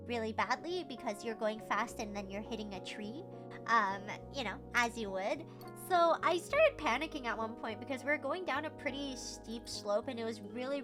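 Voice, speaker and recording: A young woman streamer chatting casually, bubbly and giggly, with casual swearing. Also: a little high. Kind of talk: casual chat.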